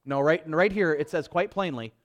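A man's voice: fairly high pitch, moderate pace, dull audio. A male pastor preaching a sermon to his congregation, emphatic and repetitive, with joking asides. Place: church before a congregation.

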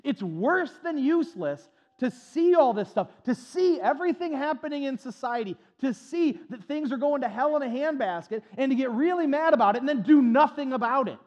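A man's voice: extremely high pitch, animated, normal speed, hardly any pauses, a little mellow, long reverb tail, dull audio. A man preaching a sermon as pastor, emphatic and repetitive, with folksy humor and stuttered restarts.

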